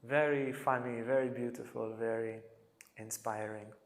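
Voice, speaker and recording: A man teaching a yoga lecture as an animated storyteller, acting out voices in his stories. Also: mid-range voice, a little slow. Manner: animated storyteller, acts out quotes. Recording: echoey hall.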